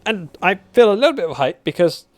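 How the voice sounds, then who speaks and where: A man's voice: high-pitched, very animated, fast talker. A man streaming a game and reading it aloud, chatty and a little worn out after a long session. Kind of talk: livestream game reading and commentary.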